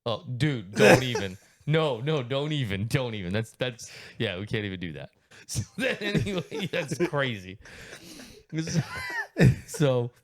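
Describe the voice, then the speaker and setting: A man in his thirties hosting a podcast, telling stories in a casual, animated, swearing style and acting out voices. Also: medium pitch, measured pace. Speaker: podcast host. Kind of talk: casual chat, storytelling.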